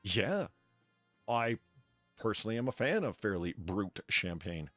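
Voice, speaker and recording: Lively low-voiced man chatting. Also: measured pace, no echo, soft background music. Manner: opinionated, reads news bits aloud, laughs often. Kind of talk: casual chat on a live stream.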